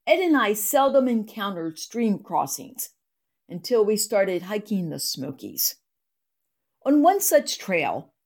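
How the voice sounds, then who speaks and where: A woman reading her ministry blog, unhurried and lively, earnest devotional storytelling. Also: on the high side. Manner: expressive, earnest storytelling read.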